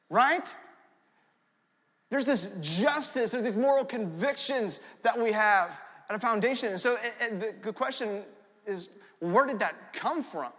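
A young adult man preaching a sermon in an animated storytelling manner, often checking in with "right?" asides. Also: very high-pitched. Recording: long hall reverb.

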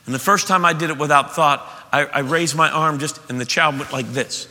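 A man preaching a sermon as pastor, emphatic and animated, often restarting his sentences. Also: a little high, fairly quick. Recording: echoey hall.

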